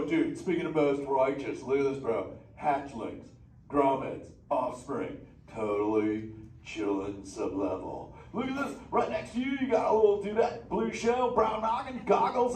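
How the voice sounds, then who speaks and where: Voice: medium pitch, distant mic. A performer voicing a laid-back male surfer sea turtle in a live theme park show, heavy with surfer slang and chuckles. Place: indoor theater show. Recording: echoey theater heard from afar, noisy.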